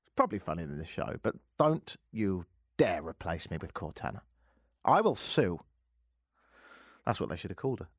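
A man hosting a talk radio show, ranting sarcastically with lively asides from a studio microphone. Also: sits low, moderate pace, pauses often, no room sound. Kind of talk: opinionated talk radio monologue.

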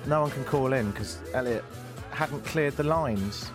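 A man hosting a talk radio show, ranting sarcastically with lively asides from a studio microphone. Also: mid-range voice, unhurried, music in the background. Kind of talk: opinionated talk radio monologue.

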